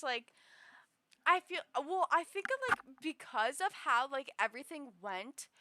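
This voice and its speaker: A young woman streamer chatting casually with viewers in a high, girlish voice, rambling and giggling with frequent restarts. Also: pushed and bright. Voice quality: high, girlish voice others have called annoying.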